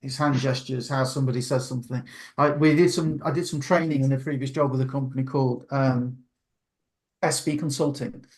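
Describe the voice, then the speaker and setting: A man's voice: mid-range voice, steady tone, brisk. A man hosting a video call, chatting casually and rambling with many restarts. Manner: rambling, restarts often, laughs easily. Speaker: meeting host.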